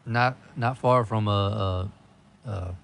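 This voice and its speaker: A man's voice: lowish voice, takes it slowly, gravelly, fairly bright tone. A man telling loose, profane stories in a casual podcast chat with friends. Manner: laughing, profane storytelling.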